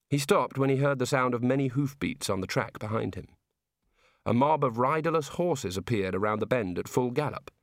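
A man reads a storybook aloud in steady, measured narration. His voice sits at an average male pitch, and the recording is close and dry with no room sound. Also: no echo. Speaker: audiobook narrator.

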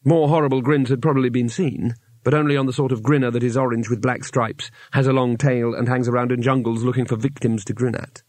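A man reading an audiobook aloud in a measured storytelling manner with wry timing. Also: medium pitch, fairly even intonation, a little mellow, no room sound. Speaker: audiobook narrator. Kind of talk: scripted narration.

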